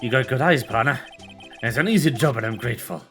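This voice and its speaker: A folksy cowboy detective from a video game drawls out his lines, as a streamer puts him on. The put-on Texan twang stretches every vowel, and the pitch swings widely. Faint music plays underneath. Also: lively intonation, fast, natural voice. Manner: drawling, folksy, says yeehaw. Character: drawling cowboy detective, laid-back adult man. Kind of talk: reading game dialogue aloud on stream.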